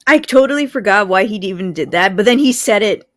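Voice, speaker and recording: A woman's voice: medium pitch, lively intonation. Playful woman co-hosting a podcast. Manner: playful, quick to laugh and tease. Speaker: anime review podcast co-host. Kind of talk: casual chat.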